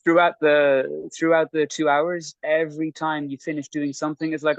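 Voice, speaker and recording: A man's voice: on the high side, flat delivery, a little fast, few pauses, no echo, dull audio. A man in casual podcast chat, telling a rambling, self-mocking story about his training. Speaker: podcast guest recounting training.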